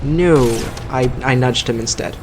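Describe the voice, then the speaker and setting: A man's voice: mid-range voice, a little slow, background noise. A man casually commenting over his own gameplay, cracking dry jokes and rambling through side remarks. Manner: dry, joking, rambling asides. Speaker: let's play host.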